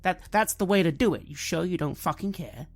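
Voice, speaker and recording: A man's voice: high voice, fairly quick. A man playing a brash, hot-tempered young party guy in a tabletop game, swearing and blustering. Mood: defiant. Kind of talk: in-character tabletop role-play.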